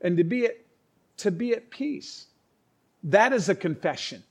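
A man preaching, telling stories in an earnest, halting way with many restarts and acted-out quotes. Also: high-pitched, lively intonation, breathy edge. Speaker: pastor. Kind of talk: sermon storytelling.

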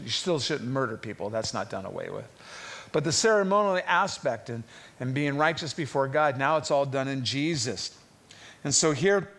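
A man teaching through a Bible passage in a conversational sermon style, lifting his voice when he acts out the people he quotes. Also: fairly high pitch. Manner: conversational, rising to animated voices for quoted figures.

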